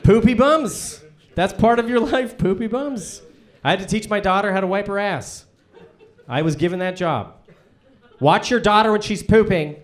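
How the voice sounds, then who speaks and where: Male comedian, 40s, high-pitched voice, shouty high-energy stand-up, live stage audio with audience noise.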